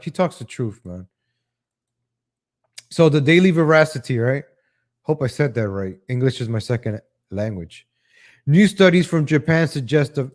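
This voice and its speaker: A man's voice: medium pitch, darkish tone. A man whose first language is Spanish, hosting an opinion commentary show in a ranting, sarcastic, emphatic way. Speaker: show host.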